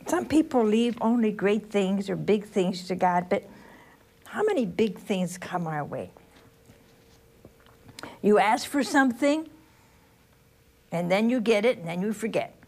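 Older religious sister, homely sermon, unhurried, very expressive pitch. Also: female voice. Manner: slow storytelling with rhetorical questions to the listeners. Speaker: religious sister giving a spiritual talk.

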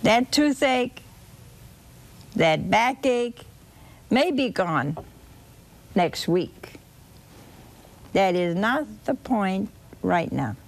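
A woman preaching a sermon, telling a scripture story slowly and expressively with dramatic repetition. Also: mid-range voice, sing-song.

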